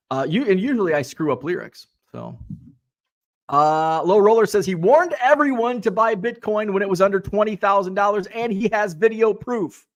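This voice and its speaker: A man chats casually through a hobby livestream, his voice sitting a little high. He rambles, drops fillers and reads viewers' comments aloud as they come in. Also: normal speed. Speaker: livestream host reading chat.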